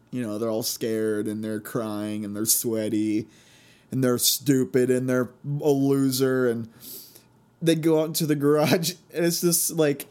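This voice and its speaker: Gleeful young man telling stories. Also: fairly high pitch. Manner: animated, gleeful storytelling with laughs. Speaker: podcast host. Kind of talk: casual solo podcast chat.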